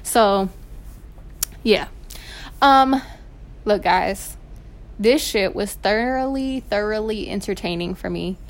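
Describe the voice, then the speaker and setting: A young woman, hosting her podcast and telling stories in a casual, animated way. She laughs often and swears freely. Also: mid-range voice, slow, pauses often. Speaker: podcast host. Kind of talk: casual storytelling. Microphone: home recording setup.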